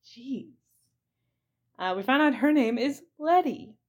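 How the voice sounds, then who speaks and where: Young woman host rambling through a funny movie recap, slow and giggly, lots of likes. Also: high voice, animated, darkish tone, highs cut off. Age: young adult. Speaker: podcast host.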